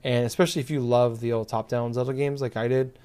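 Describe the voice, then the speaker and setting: A man's voice: medium pitch, fairly even intonation, fast, mellow, smooth. A man in casual chat, ranting with exasperation and heavy swearing, full of fillers.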